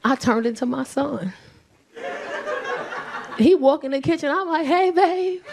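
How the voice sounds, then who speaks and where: A woman's voice: high-pitched, unhurried, vocal fry, crowd noise. A middle-aged woman performing a stand-up comedy set on a club stage into a handheld mic, telling brash, profane stories and laughing often. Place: comedy club stage before a live audience.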